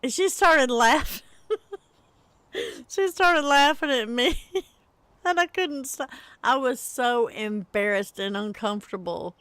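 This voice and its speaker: A woman's voice: on the high side, takes it slowly, pauses often, a bit bright, smooth, no room sound. A middle-aged woman, chatting casually with viewers on a gaming livestream and laughing often as she tells a story.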